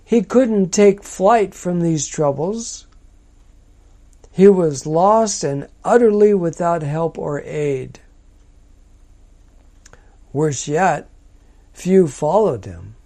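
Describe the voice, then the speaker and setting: A man teaching from a psalm in a slow, deliberate, emphatic manner. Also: fairly high pitch, expressive, warm tone. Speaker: preacher.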